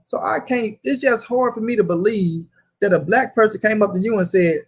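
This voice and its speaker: A man runs a casual livestream and argues hard. His voice sits fairly high, and he swears freely as he reads viewer comments aloud. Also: normal speed, vocal fry, husky. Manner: heated, profane, reads chat aloud. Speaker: host.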